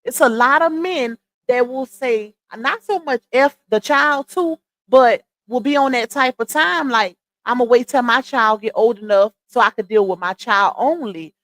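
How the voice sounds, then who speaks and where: A young woman with a fairly high, slightly bright voice hosts a casual livestream, talking at a measured pace with few pauses. She is outspoken and opinionated, pressing her points emphatically and speaking directly to her viewers.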